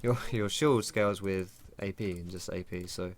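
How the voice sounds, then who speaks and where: A man giving excitable live commentary over his own gameplay, thinking aloud and swearing casually. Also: deep voice, moderate pace, slight background noise. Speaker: gaming streamer. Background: keyboard typing.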